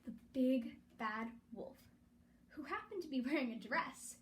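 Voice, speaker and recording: Expressive woman reading a children's story. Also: high voice, measured pace, slight background noise. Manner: animated, expressive. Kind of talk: read-aloud storytelling.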